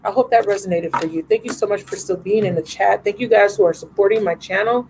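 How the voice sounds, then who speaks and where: A woman gives tarot readings on a live stream, chatty and affectionate, calling her viewers baby and love. Her voice sits at an ordinary pitch, with a faint hiss of noise behind it. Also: fast talker.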